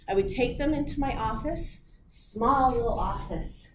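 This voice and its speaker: A middle-aged woman teaching physiology to a class, telling animated stories and acting them out. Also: a little high, unhurried. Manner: animated, acts out her stories. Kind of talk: classroom lecture with storytelling. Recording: echoey room, audible room noise.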